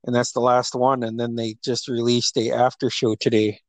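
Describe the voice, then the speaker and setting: A man's voice: mid-range voice, level tone, moderate pace, no echo. A middle-aged father chatting on a phone call, rambling through a story, acting out quotes and laughing often. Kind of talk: casual phone chat.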